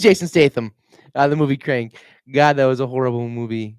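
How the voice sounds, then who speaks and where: A middle-aged man rambling in a casual vlog, telling animated stories and swearing freely. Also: mid-range voice, normal speed, clean tone, no echo, clean studio sound. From Minnesota. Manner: animated storytelling, mimics voices, swears freely. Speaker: realtor vlogger.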